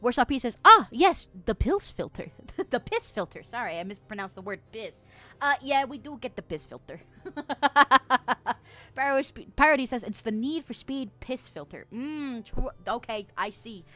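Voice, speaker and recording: A woman's voice: a little high, animated, measured pace, pushed and bright. A woman streamer in casual chat, reading chat messages aloud with lots of laughter and self-mocking jokes.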